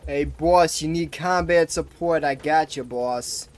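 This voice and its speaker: A man's voice: on the high side, slow. A man voicing a brash male soldier in a put-on New York accent, pushy and calling the listener boss.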